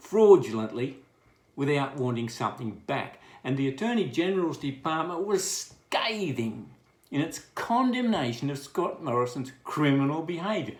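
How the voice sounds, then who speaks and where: A man's voice: medium pitch, reverberant. An Australian man delivering a scathing, crude and sarcastic political rant. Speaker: political commentator. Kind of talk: ranting political monologue.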